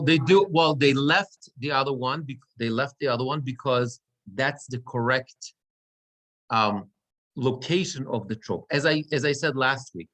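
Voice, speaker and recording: A man's voice: fairly high pitch, fairly bright tone, poor audio. A man teaching a class on Torah reading as cantor, explaining chant rules and chanting Hebrew verses. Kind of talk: online class lesson.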